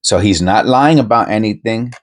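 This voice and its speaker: A man's voice: lowish voice, normal speed. A man hosting a coin-hunting channel, talking casually and rambling with many restarts and self-interruptions. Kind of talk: casual commentary to camera.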